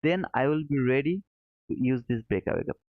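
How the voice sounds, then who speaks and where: A man's voice: mid-range voice, lively intonation, fairly quick, no room sound. A man hosting a live trading stream, walking viewers through charts, reading chat and calling them brother. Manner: friendly, calls viewers brother, thinks aloud while charting. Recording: dull lo-fi dry sound.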